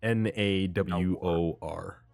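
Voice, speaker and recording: Man, game master, low voice, rambling with fillers, faint music behind. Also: steady tone, slow pace, gravelly, a little mellow. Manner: rambling, self-mocking, many fillers. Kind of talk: narrating a tabletop game. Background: pirate music.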